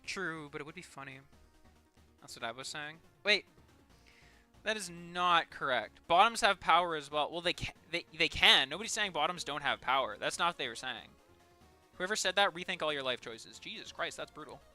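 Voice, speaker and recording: A man's voice: a little high, animated, moderate pace, pushed and bright, faint music behind. A man streaming a video game, casually chatting with viewers, swearing and laughing often. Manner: swears a lot, laughs often, banters with chat. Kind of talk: casual gaming stream chat.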